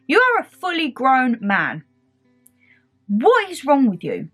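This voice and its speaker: A young woman, telling a story in a casual, animated and indignant way. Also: high voice, slow pace, soft background music. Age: young adult. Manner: animated, indignant retelling with quoted back-and-forth. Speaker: beauty vlogger.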